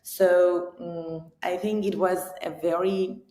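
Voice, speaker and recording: A woman's voice: lowish voice, flat delivery, slow, warm tone. Persian-accented woman in an echoey room. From Iran. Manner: earnest, repeats and restarts words while searching. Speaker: English teacher, guest. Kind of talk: casual interview answers. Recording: roomy echo.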